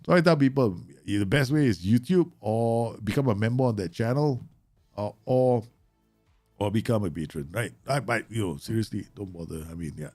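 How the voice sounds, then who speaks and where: Man, low voice, live game stream, casual chatter, animated outbursts. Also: moderate pace, dry recording, faint music behind. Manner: animated, bursts into loud yells and laughs at his players; chatty, answers viewer questions with many fillers. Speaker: streamer playing a football management game.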